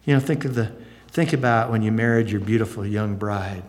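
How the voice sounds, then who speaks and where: A man preaching a sermon, lively and expressive, acting out excited voices now and then. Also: fairly quick. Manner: animated, acts out excited voices with big pitch jumps. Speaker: pastor. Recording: long hall reverb.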